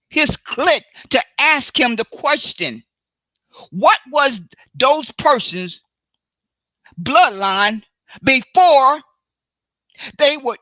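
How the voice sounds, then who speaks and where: A woman hosting a solo live stream, talking in a deliberate, emphatic way and often stopping to correct and repeat herself. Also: on the high side, pushed and bright, no echo. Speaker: livestream host. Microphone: computer mic for a live stream.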